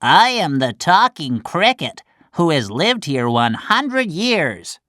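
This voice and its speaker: A woman voicing a hundred-year-old talking cricket who lectures slowly and sternly. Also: low voice, very animated, a bit bright, no echo, clean studio sound, voice pushed up, heavily acted. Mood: scolding. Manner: slow, scolding and lecturing.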